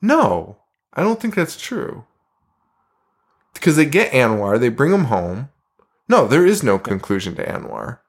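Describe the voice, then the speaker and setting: A man's voice: mid-range voice, sing-song, unhurried, long pauses, breathy edge. Laughing, swearing man in casual chat. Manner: laughing often, swearing, retelling scenes with put-on quotes. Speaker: podcast co-host.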